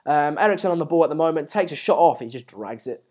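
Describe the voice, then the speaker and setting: A man's voice: fairly high pitch, lively intonation, fast talker, a little mellow. A man hosting a casual live football watchalong, rambling and chatty with many fillers, often urging viewers to subscribe. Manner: repeatedly urges viewers to subscribe. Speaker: live-stream host.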